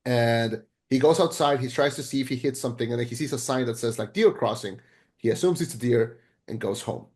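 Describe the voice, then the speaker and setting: A man co-hosting a podcast, chatting casually and excitably about a film, rambling with frequent restarts and casual swearing. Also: mid-range voice, a little fast. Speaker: podcast co-host. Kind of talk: casual film review chat.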